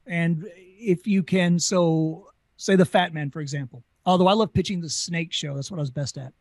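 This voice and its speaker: A man with a Southern US accent, a former carnival talker telling stories in an interview, talking fast and animated. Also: on the high side, no room sound. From Southern United States. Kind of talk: casual storytelling interview.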